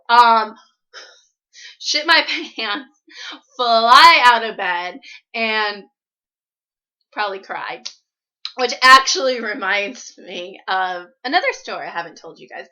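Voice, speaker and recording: A young woman chats through viewer questions in a loose, laughing vlog style. Her voice is bright and forward. The sound is a little muffled and lo-fi, picked up by a laptop mic at home. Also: medium pitch. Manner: chatty, laughs often, frequent "like" and "um". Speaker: YouTuber answering viewer questions. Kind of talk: casual storytelling and Q&A.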